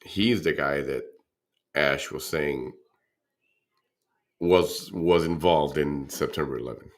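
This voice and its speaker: A man's voice: rumbling low, slow. A man hosting a casual reaction show, laid-back and swearing as he talks over gossip clips. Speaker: host.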